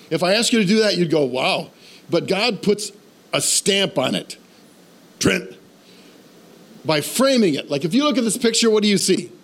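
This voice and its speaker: Male pastor, higher-pitched voice, lively conversational sermon delivery with questions to the room. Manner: animated, conversational preaching with questions to the congregation. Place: church.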